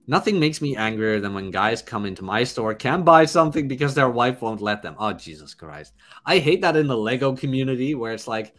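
A man who hosts a podcast, giving a blunt, crude, animated casual monologue. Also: mid-range voice, fairly quick, soft background music. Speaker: podcast host.

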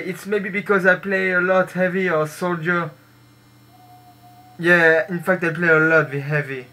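A man's voice: high voice, pushed and bright, poor audio. A man from France with a French accent, a native French speaker, giving a crude, rambling, self-mocking rant as a gaming vlogger.

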